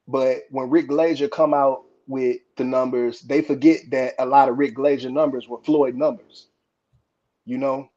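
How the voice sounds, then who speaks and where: A man's voice: mid-range voice, steady tone, a little slow, mellow. A man calling into a live podcast, rambling through his points with plenty of fillers. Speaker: caller. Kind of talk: casual call-in commentary. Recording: dull lo-fi call line.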